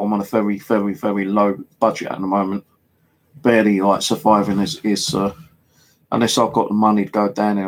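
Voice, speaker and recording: A man with an English accent telling a rambling, casual story, heavy on fillers and swearing. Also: fairly low pitch. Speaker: paranormal vlogger. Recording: home video monologue.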